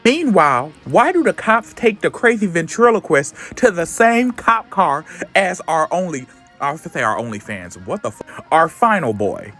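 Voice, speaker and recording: A man retelling a comic story in casual, slangy, animated chat. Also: a little high, normal speed, soft background music. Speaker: comic recap host.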